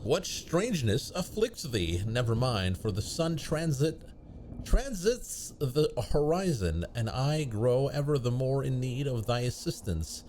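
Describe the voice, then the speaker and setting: A stiffly formal video-game character who speaks in slow, ornate old-fashioned English, voiced by a man. The pitch still rises and falls with feeling. A faint background hiss stays under the voice. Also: very animated, a little mellow. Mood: stately.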